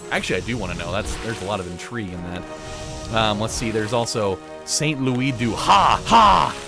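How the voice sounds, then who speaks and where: A man casually riffing and joking as he plays a video game, rambling and laughing at his own lines. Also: medium pitch. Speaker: gaming channel host. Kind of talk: casual let's play commentary.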